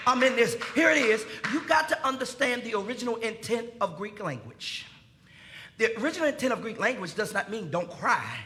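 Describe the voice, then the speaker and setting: Man, pastor preaching in church, very high voice, sharp ringing tone, folksy, rises to shouting. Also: animated, fairly quick, a little hiss or hum. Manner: folksy preaching, talks to the congregation, builds to shouting. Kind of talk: preaching a sermon. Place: church sanctuary.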